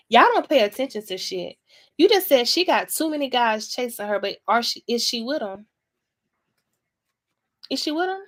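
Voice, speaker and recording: Woman, tarot reader, casual to-camera reading, slightly high voice, blunt and profane.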